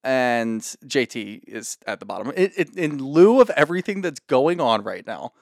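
A man's voice: medium pitch, big pitch swings, normal speed, no room sound, studio quality. A man co-hosting a podcast, chatting casually about reality TV in a rambling, jokey way, with tangents and swearing. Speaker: podcast co-host. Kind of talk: casual chat recapping reality TV.

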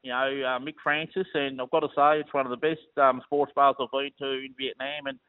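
A man's voice: medium pitch, little pitch movement, fairly quick, dry recording. A man with an Australian accent calling in to chat about racing, talking in a chatty, matey way. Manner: chatty, matey, keeps saying mate. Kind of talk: casual phone chat. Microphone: phone. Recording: tinny phone line.

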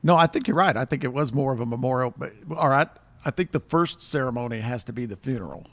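A man's voice: mid-range voice, animated, fast, fairly bright tone, dry recording. A man in casual chat, reminiscing with self-deprecating humor and frequent restarts.

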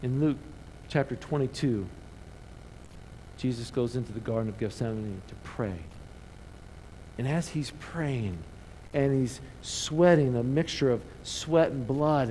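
A man preaching a sermon in church, animated, calling the congregation to answer back. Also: mid-range voice, a little slow, slight background noise, poor audio. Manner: animated preaching with call-and-response. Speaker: pastor. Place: church sanctuary.

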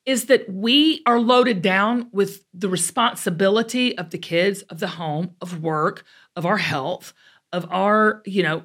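A woman from the American South with a Southern accent, hosting a podcast in an animated, folksy, chatty way. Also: medium pitch, measured pace. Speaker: podcast host. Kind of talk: casual chat.

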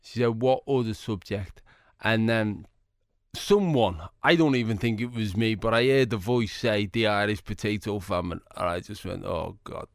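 A man, a comedian telling jokey, animated stories as an interview guest. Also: fairly low pitch, normal speed, dry recording, clean studio sound. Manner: jokey, animated anecdotes with acted-out quotes. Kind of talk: casual storytelling interview.

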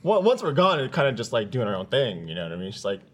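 Male co-host, giggly, pitch swings hard, a bit off-mic. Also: very animated, fast, a bit bright. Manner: giggly, dips into mock-deep voices. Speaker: podcast co-host. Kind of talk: casual chat.

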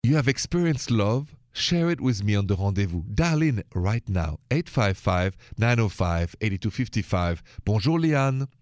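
A man's voice: fairly low pitch, animated, moderate pace, few pauses, a little mellow, no room sound. French-accented male radio host, dry sound. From Paris. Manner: playful, drops French greetings. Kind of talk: late-night radio call-in show.

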